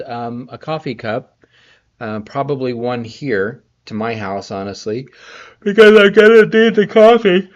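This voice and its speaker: Middle-aged guy rambling on a live stream from his home studio, sleepy and yawny, slightly dull lo-fi audio. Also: medium pitch. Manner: rambling, friendly, greets viewers by name. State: sleepy, yawning. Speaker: composer streaming a scoring session. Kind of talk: casual live-stream chat. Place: private home production studio.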